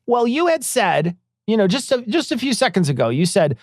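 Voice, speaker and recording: High-voiced man ranting casually. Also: very animated, no echo, studio quality. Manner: profane, rambling, quick to mock. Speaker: podcast co-host. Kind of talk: casual political chat.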